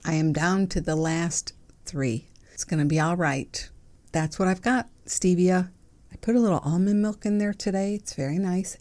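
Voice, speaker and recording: A middle-aged woman hosting her own podcast from a home desk, chatting in a playful, giggly and affectionate way. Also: normal speed. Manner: playful, giggly and affectionate, with bursts of excited high notes. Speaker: podcast host. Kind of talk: casual solo podcast chat.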